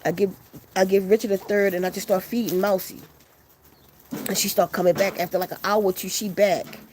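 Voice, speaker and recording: A woman casually tells her viewers a long story, loose and profane, acting out the people involved with quoted voices. Her mid-range voice moves a little fast, and there's a slight hiss or hum on the recording.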